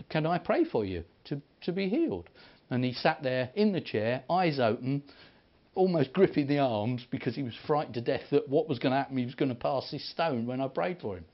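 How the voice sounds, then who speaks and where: A man preaching, telling stories in an animated way and acting out the people he quotes. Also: mid-range voice, normal speed. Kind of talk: sermon storytelling. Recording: dull lo-fi recording.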